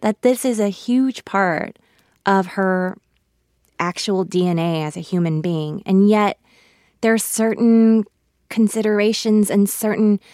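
A woman actor in her thirties being interviewed on radio, thoughtful and halting with soft laughs, close to tears. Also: mid-range voice, no echo. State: emotional, near tears.

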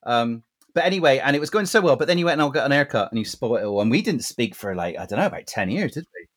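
A man co-hosting a podcast in casual chat. His pitch sits mid-range for a man, and he slips into a playfully pompous, teasing tone. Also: lively intonation, fast, a bit bright. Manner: playful, mock-pompous banter. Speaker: podcast co-host.

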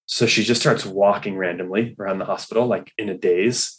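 Lively, low-voiced man telling a story. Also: brisk, poor audio. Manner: animated, acts out the people in his stories, frequent "like" and "you know". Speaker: hospital rabbi, interview guest. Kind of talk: storytelling in a conversational interview.

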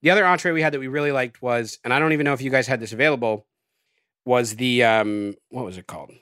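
A man's voice: mid-range voice, fast talker, clean tone, dry recording, studio quality. A man chatting as a podcast guest, rambling with lots of fillers as he describes a meal. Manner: relaxed, rambling with many fillers. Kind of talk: casual podcast chat.

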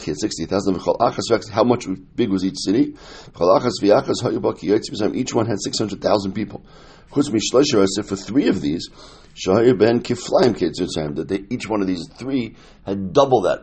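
A man's voice: low voice, darkish tone, breathy edge. A man teaching a Talmud lesson, reading the Aramaic and translating it line by line in a casual, explanatory way. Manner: casual, explanatory, with many fillers and Yiddish-Hebrew terms.

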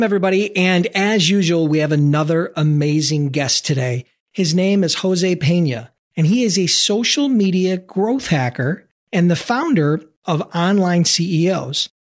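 A man hosting a business podcast, reading an upbeat scripted intro and then interviewing a guest. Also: sits high. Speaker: podcast host.

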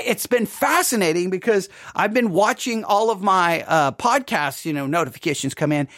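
A woman's voice: fairly high pitch, fairly bright tone, no echo, clean studio sound. A woman hosting a podcast Bible lesson, talking it through conversationally and often checking in with her listeners. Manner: conversational, keeps checking in with "right?". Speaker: Bible study teacher and podcast host.

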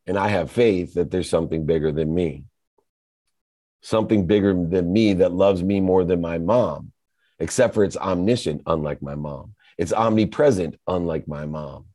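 A middle-aged man giving a motivational monologue, emphatic and rhythmic, building lists and swelling his pitch for effect. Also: mellow, no echo. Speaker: motivational speaker.

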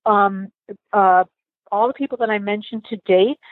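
A woman's voice: mid-range voice, fairly even intonation, moderate pace, dry recording. A woman guest speaks with feeling in a casual interview, often starting her sentences over and laughing easily. Her voice comes through a thin, phone-like remote line. The sound is dry, with no room around it. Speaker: guest author and storyteller. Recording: tinny phone-like remote call.

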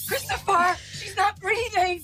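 An actress playing an excitable young mob girlfriend in a TV crime drama, speaking in a New York accent and pleading with her boyfriend. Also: a little slow, exaggerated voice. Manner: high, pleading, keeps saying her boyfriend's name. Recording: TV clip with music underneath.

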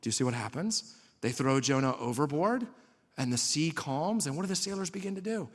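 High-voiced preacher in a big reverberant hall. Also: male voice, animated, fairly quick. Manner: conversational preaching with rhetorical questions and humor. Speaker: pastor. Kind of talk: sermon.

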